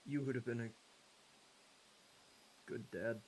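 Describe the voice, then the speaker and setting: A man voicing a guarded young woman adventurer who speaks hesitantly and softly in a tabletop game. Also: mid-range voice, slow pace, slight background noise, close to an everyday voice, low-quality recording. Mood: tearful. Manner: hesitant, soft-spoken. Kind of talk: tabletop role-play.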